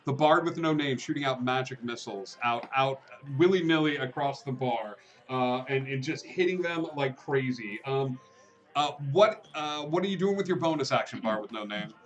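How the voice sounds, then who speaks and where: A man narrating a tabletop game as game master, relaxed and chuckling, with frequent ums and uhs. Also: mid-range voice, moderate pace, highs cut off.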